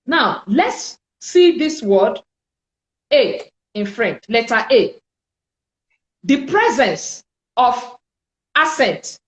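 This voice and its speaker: Woman French teacher, fairly high voice, slow and deliberate delivery, echoey room. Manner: slow, deliberate, repeats each sound for learners. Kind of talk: spoken language lesson.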